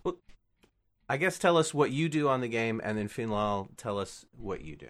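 A man's voice: mid-range voice, lively intonation, moderate pace, fairly bright tone. A man co-hosting a casual podcast, playful and teasing with his co-host and guests.

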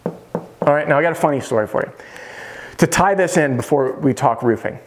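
A man's voice: fairly high pitch, expressive, fairly quick, slight background noise. A man coaching roofing salespeople in a casual, direct way, talking straight to the viewer. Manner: direct and conversational, addressing the viewer as "you". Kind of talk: casual instructional talk to camera.

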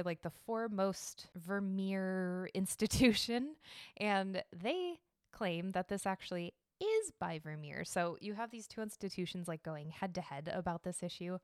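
A woman's voice: medium pitch, a little slow, darkish tone, smooth, no echo, clean studio sound. A young woman hosting an art and history podcast from her home, chatting casually, laughing at herself and swearing freely. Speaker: podcast host. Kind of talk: casual chat. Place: home decorated for holidays.

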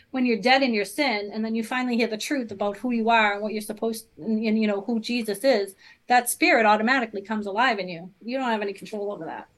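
A woman's voice: fairly high pitch, low-quality recording. A middle-aged woman, telling her personal faith story as a podcast guest, earnest and full of fillers. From Boston area. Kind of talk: personal testimony in casual interview.

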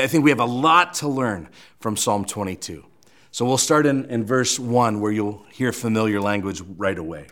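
A man's voice: mid-range voice, a bit bright. A man, a pastor, preaching a sermon in earnest, often restarting and repeating words, and reading scripture aloud with rising emphasis.

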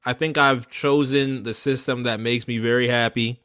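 A man co-hosting a podcast in casual chat, animated and playful, often stammering and restarting his sentences. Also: medium pitch, normal speed, clear, resonant tone, no room sound, clean studio sound. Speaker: podcast co-host.

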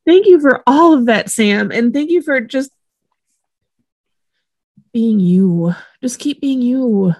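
A woman co-hosting a podcast in casual chat, talking slowly with a lively, swooping pitch. She giggles a lot and gushes when she reacts. Her voice is a little husky and the sound is dry. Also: no echo. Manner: giggly, expressive, effusive. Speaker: podcast co-host.

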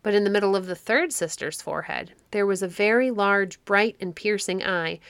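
A woman reading a children's classic story aloud, with expressive narration. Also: medium pitch, moderate pace, clean tone, dry recording.

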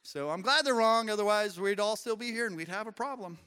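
A man's voice: high-pitched, animated, brisk, bright, forceful tone, clear, resonant tone, in a large hall. A male pastor preaching a sermon in a conversational, joking way with his congregation in a church. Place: church sanctuary.

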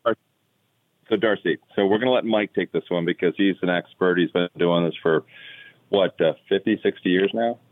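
A man's voice: low-pitched, normal speed, no room sound, phone-quality sound. A middle-aged man co-hosting a podcast, chatting and interjecting eagerly as he introduces guests. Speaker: podcast co-host. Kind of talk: casual podcast chat.

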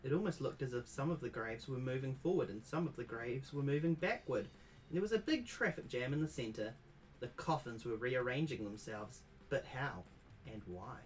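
A man reading a spooky children's gamebook aloud to a friend. He tells it in a playful, animated way, and his voice sits in a middle range. He is easy to follow. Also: mid-range voice, normal speed, a little hiss or hum. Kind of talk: casual reading and chat.

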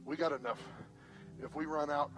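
Emphatic high-voiced male pastor. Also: fairly even intonation, moderate pace, low-quality recording. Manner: emphatic, storytelling. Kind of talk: sermon. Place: church.

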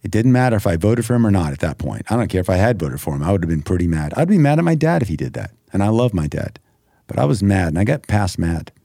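Deep gravelly man speaking earnestly. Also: big pitch swings, quick pace, dark tone, no echo, clean studio sound. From United States. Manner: earnest, emphatic, acts out quoted prayers and dialogue. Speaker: guest. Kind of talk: personal testimony in a podcast conversation.

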